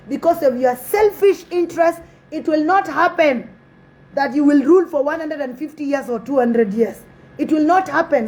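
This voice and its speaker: A woman's voice: high voice, moderate pace, a little mellow, rough recording. A woman giving an impassioned spoken address to her community, pleading and exhorting with repeated phrases. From South Sudan.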